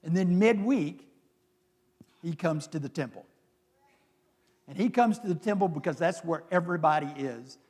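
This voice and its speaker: High-voiced preacher in a reverberant hall. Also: male voice, animated, moderate pace, long pauses, darkish tone. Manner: conversational storytelling, dramatic retelling. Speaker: pastor. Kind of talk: sermon. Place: church sanctuary.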